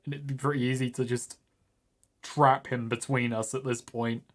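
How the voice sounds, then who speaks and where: A man's voice: mid-range voice, little pitch movement, normal speed. A man taking part as a player in a tabletop role-playing game, chatting casually and correcting himself as he goes. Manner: stumbles over names, self-correcting.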